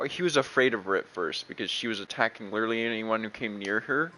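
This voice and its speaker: A man's voice: fairly low pitch, brisk, hardly any pauses, bright, forceful tone, low-quality recording. A young man chatting casually while playing a video game, rambling with many restarts. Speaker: gaming streamer.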